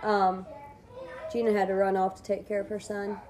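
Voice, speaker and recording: A woman's voice: medium pitch, monotone, moderate pace, a little mellow. Laughing young woman, faint noise behind. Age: 20s. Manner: laughs at her own jokes. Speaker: podcast co-host. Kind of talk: casual chat.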